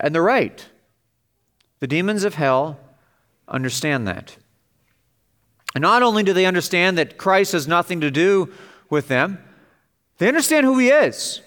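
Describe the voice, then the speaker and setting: A man preaching an expository sermon in an emphatic way, his voice rising as he stresses vivid passages. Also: a bit bright. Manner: emphatic, rises in pitch and volume on vivid passages.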